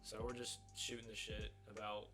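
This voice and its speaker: A young man co-hosting a podcast, chatting easily and asking quick follow-up questions. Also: on the low side, monotone, over music. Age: young adult. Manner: easygoing, asks short follow-up questions. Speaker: podcast co-host. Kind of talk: casual chat.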